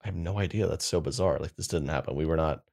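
A man's voice: rumbling low, fast, vocal fry, darkish tone. A young man co-hosting a podcast, telling a story in a loose, rambling, casual way. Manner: laid-back rambling storyteller. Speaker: podcast co-host. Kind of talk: casual chat.

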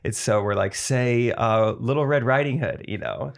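A young man co-hosting a podcast, telling stories in a lively, animated, casual way. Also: mid-range voice, moderate pace, gravelly. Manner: animated storyteller, laughs often. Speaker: podcast co-host. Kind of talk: casual chat.

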